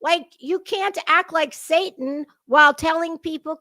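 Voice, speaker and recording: A woman's voice: very high-pitched, a little slow, pushed and bright, no echo, studio quality. A middle-aged woman hosting sarcastic reaction commentary, mocking and profane, slipping into put-on voices. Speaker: commentary host.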